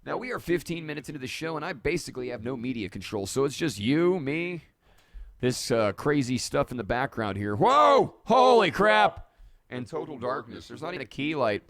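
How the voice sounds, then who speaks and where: This live-stream host has a mid-range, expressive voice and speaks fairly quickly, with clean studio sound and no room echo. Alone in a dark home studio, he rambles through a jokey, self-mocking monologue.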